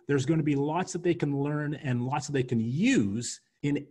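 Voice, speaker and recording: A man's voice: fairly high pitch, normal speed, few pauses, mellow, breathy edge. A man from Jamaica, a sales consultant and interview guest, talking earnestly with frequent ums and restarts. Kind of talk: interview answer, promoting his group.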